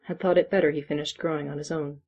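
A storyteller voicing an ancient, brooding male night creature who speaks in formal, measured sentences. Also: medium pitch, fairly even intonation, a little mellow, muffled recording, natural voice.

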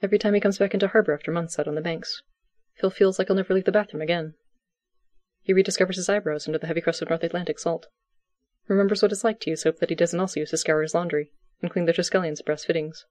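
A steady, unhurried narrator reading a story aloud. The voice sits in a middle pitch, recorded close and dry with no room sound. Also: no room sound. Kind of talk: audiobook fiction reading.

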